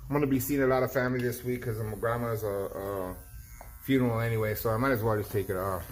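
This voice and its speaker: A man's voice: mid-range voice, fairly even intonation, fast, a little hiss or hum. A man in his fifties, a barber hosting his own vlog, telling a shop story in a rambling, casual way and acting out his client's lines. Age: 50s.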